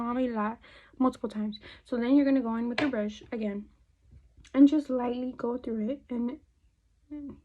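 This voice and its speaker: Swearing chatty young woman, husky voice. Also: fairly high pitch. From United States. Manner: chatty, loose, swears a lot, slips into Spanish. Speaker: beauty vlogger. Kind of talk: casual makeup chat. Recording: dull lo-fi phone audio.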